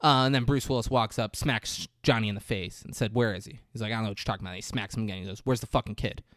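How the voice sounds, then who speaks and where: A male podcast host races through a loose, profane, rambling movie recap in casual chat, his voice fairly even in intonation and a bit bright. He jumps into character voices, acting out quotes with big pitch jumps, and the recording is dry and close.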